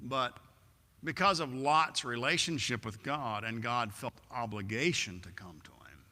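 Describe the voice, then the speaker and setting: A man's voice: mid-range voice, a little slow, bright, forceful tone. A man preaching a sermon in a church, telling a story and acting out its scenes. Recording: echoey church hall.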